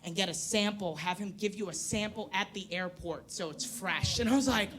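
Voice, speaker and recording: A woman's voice: medium pitch, normal speed. A woman in her forties doing a brash, profane stand-up comedy set on a comedy club stage, teasing the crowd. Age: 40s.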